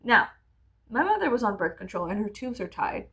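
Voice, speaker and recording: Gravelly, sarcastic woman in her thirties. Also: mid-range voice, big pitch swings, fairly quick, fairly bright tone. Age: 30s. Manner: profane, sarcastic, rambling. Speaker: vlogger. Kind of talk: casual story time while doing makeup.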